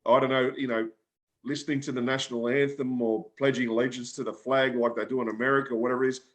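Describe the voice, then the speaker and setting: A man's voice: mid-range voice, flat delivery, fast, a bit bright. Reflective Australian man telling a story. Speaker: podcast co-host. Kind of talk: casual chat.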